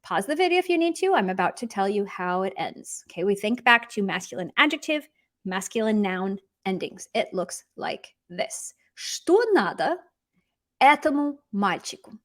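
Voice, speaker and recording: A woman teaching an online grammar lesson in a chatty, encouraging way, drilling example words aloud slowly. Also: mid-range voice, lively intonation, fairly bright tone. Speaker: language teacher.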